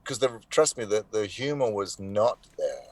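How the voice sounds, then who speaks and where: A man, an actor being interviewed, telling animated anecdotes in casual conversation, often restarting his sentences. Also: lowish voice, unhurried, no echo.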